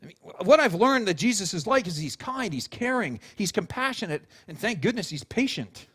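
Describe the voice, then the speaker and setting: A male pastor preaching a sermon in an animated storytelling way, with casual fillers and restarts. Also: sits high, moderate pace, husky. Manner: animated storytelling, acting out quotes.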